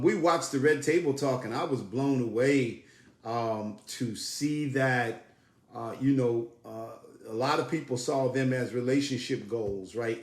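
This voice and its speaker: A man's voice: medium pitch, echoey room. A man from South Jersey hosting a casual livestream, greeting viewers by name in an upbeat, familiar way. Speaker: livestream host.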